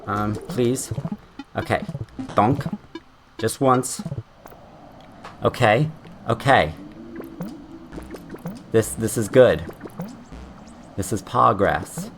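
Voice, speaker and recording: Speaking very slowly and pausing often, a man with a fairly low pitch and fairly bright tone streams a game he's never played before. His casual commentary is full of swearing, restarts and sudden yelps when things go badly, over slight background noise.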